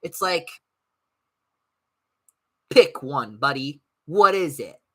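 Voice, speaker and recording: This podcast host, a young man reading live chat, speaks in a fairly high voice at an extremely slow pace. His rambling talk is blunt and profane, and he animatedly mocks those he disagrees with by putting on voices.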